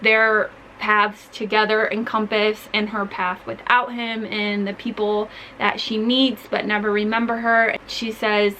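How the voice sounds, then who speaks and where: A woman's voice: medium pitch, pushed and bright, slight background noise, low-quality recording. A young woman chatting casually about book recommendations, gushing and full of "like" fillers. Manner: gushing, chatty, heavy use of "like". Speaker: book vlogger.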